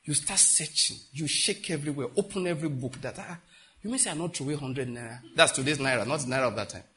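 A middle-aged Nigerian man preaching a sermon in a storytelling way. He acts out the dialogue, leaping to sudden loud outbursts. His voice sits a little high. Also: quick pace, a little hiss or hum. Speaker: pastor.

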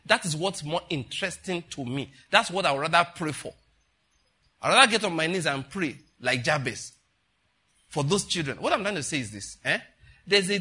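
A man's voice: fairly high pitch, pushed and bright, husky. An older man, preaching a sermon in a chatty way, full of rhetorical questions and asides. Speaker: pastor.

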